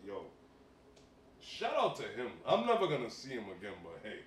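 A man of Barbadian and Jamaican background chatting casually as a comedian and co-host, telling profane, animated stories with lots of restarts. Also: mid-range voice, normal speed, echoey room, slight background noise. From Barbados and Jamaica heritage. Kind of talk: casual chat.

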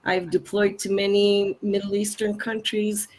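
An older woman on a video call speaking heartfelt thanks, emphatic and halting. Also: medium pitch, flat delivery, darkish tone, low-quality recording. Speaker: conference attendee asking a question. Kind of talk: casual chat.

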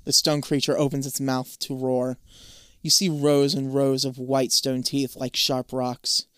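A man's voice: medium pitch, little pitch movement, measured pace, a bit bright, clear, resonant tone, dry recording, studio quality. A man reading a choose-your-own-adventure book aloud in a casual way, swearing offhand between passages. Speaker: gamebook reader.

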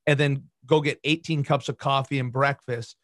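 A man's voice: medium pitch, steady tone, normal speed, fairly bright tone, no echo, studio quality. A man in casual podcast chat, easygoing and self-mocking about his old playing days.

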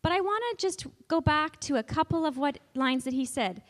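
A woman with a high voice leads a children's Bible lesson. She talks in a coaxing way and keeps asking the kids questions and inviting them to take part. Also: expressive, normal speed, no room sound. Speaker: children's church teacher.

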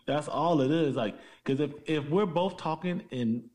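A man in casual conversation, thinking out loud in a reflective way with many "like"s and "you know"s. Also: on the high side, moderate pace.

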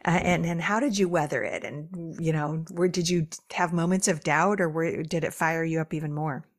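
A woman's voice: low voice, fairly even intonation, normal speed. A woman co-hosting an interview, asking enthusiastic, rambling questions. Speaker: co-host. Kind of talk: interview chat.

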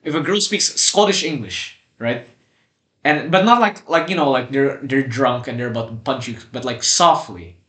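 A man's voice: medium pitch, normal speed, sharp tone. A seventeen-year-old boy co-hosting a casual podcast chat, rambling with many restarts and fillers. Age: teens. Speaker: podcast co-host. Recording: echoey room.

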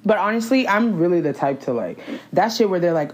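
Animated lower-voiced young woman chatting. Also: fairly quick. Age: 20s. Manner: animated, laughing, playful slang. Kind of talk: casual chat.

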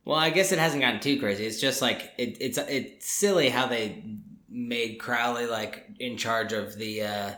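A man's voice: medium pitch, moderate pace, sharp tone, roomy sound. A young man chatting casually, rambling and filling his talk with "like" and "dude". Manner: rambling, filler-heavy, says "like" and "dude" a lot. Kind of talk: casual chat.

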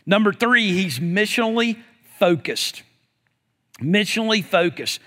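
A man delivers a sermon in a relaxed, conversational way, often tossing in "man" as he talks to the congregation. His voice is high-pitched and bright. It rings out in a hall with a long reverb. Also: measured pace. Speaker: pastor.

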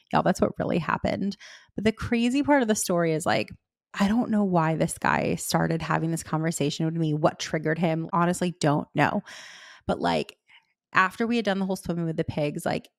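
Woman, young adult, podcast host, casual storytelling, chatty, lots of "like", vocal fry, dry room. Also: mid-range voice, no echo. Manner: chatty, heavy use of "like", candid and emotional.

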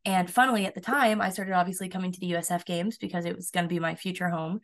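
A young woman with a slightly low voice chats about her playing days as a podcast guest. She talks in an upbeat, easy way, full of little fillers and restarts. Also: fairly even intonation, fast. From United States. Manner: chatty, upbeat, many fillers. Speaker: college softball pitcher, guest. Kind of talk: casual podcast interview.

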